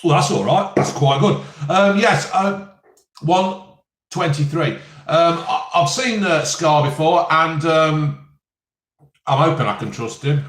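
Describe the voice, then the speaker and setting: A man's voice: a little high, slow, fairly bright tone, roomy sound. Chatty man in his fifties. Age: 50s. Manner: chatty, jokey, reads viewer comments aloud. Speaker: live stream host. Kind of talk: casual live stream chat.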